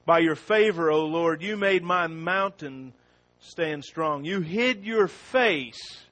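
A man preaching a sermon. He opens with a prayer, then reads scripture slowly and with rising force. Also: fairly high pitch, low-quality recording. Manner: slow and deliberate, rising loud when reading scripture.

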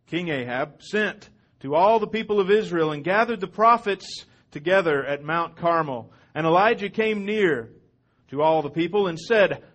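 A man, a pastor, reading a long scripture passage aloud to his congregation with dramatic rises on the quoted lines. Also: high voice. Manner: expressive dramatic reading, rising loud on quotes.

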